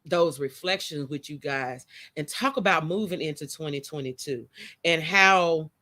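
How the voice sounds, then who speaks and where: A woman hosts a casual livestream chat from outdoors, chatty and openly emotional. She greets her viewers by name in a bright, forceful voice. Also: low voice, normal speed. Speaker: host of a live chat show. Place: outdoors by a motion-sensor light.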